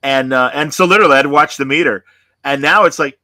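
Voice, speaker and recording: A man's voice: fairly high pitch, fast, bright, forceful tone, no echo. A man hosting a podcast in casual chat, rambling and self-deprecating, often slipping into voices. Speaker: podcast host.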